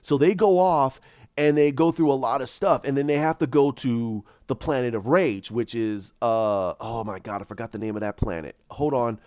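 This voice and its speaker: A man casually retelling his own story idea, rambling and animated as he goes. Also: mid-range voice, normal speed, clear, resonant tone, no room sound. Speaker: fan pitching a film plot. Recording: dull lo-fi dry mic.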